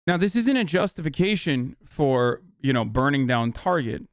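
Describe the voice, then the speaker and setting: A man's voice: mid-range voice, sing-song, moderate pace, clear, resonant tone, no echo, studio quality. A man streaming political commentary in a heated, exasperated, profane rant, restarting sentences as he goes.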